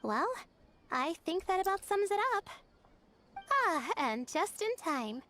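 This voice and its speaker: A shy, courteous young scholar with a very high voice that rises and falls a lot, speaking slowly and softly. She stammers and trails off when flustered. Faint game music plays behind her. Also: very animated, exaggerated voice. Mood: calm. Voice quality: soft, hesitant, stammering. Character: shy, polite young female student.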